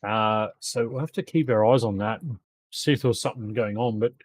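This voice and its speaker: A man's voice: lowish voice, a little fast. A man, co-commentating a sim race with many ums. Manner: hesitant, filler-heavy.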